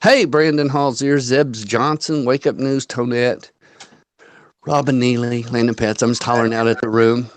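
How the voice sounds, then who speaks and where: Folksy male host, mid-pitched, close dry sound, loose storytelling chat. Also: fairly even intonation, moderate pace, no room sound. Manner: folksy storyteller, quotes people in dialogue. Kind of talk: casual online chat.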